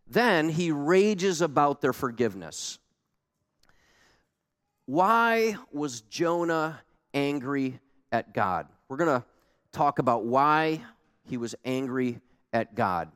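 Animated male preacher in reverberant hall. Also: on the high side, takes it slowly, long pauses, clear, resonant tone. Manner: animated, conversational, rhetorical questions. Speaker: pastor. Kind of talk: sermon.

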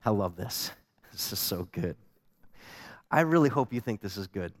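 Animated preacher in a reverberant hall. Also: male voice, fairly low pitch, normal speed. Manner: animated preaching, rising to emphatic questions. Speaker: pastor. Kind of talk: sermon.

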